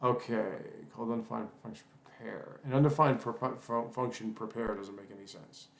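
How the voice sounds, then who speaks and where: A man's voice: medium pitch, moderate pace, gravelly, echoey room. A man teaching a casual coding lesson while typing, rambling, apologizing, and cursing at his own mistakes. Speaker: coding tutorial instructor.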